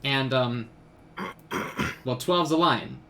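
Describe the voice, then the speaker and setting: A man's voice: mid-range voice, drawn-out words, bright, forceful tone, a little hiss or hum. A young man hosting a live stream while he draws. He chats casually and rambles, with many ums and restarts. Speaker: streamer and artist.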